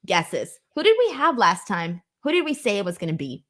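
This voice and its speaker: A woman's voice: mid-range voice, sing-song, normal speed, a bit bright. A young woman hosting a casual wrestling post-show, reading viewer comments aloud and laughing often. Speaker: host. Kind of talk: casual chat.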